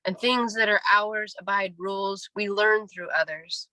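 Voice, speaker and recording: A woman in her forties giving a wry, deadpan poetry reading. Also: medium pitch, unhurried, dry recording, poor audio. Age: 40s. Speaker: poet. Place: reading venue.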